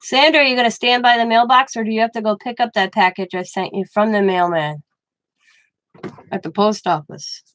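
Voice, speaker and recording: A woman's voice: a little high, fairly even intonation, a little fast, a bit bright, no echo. A woman hosting a casual crafting livestream from home, chatting with viewers by name and often restarting her sentences. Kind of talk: casual live-stream chat.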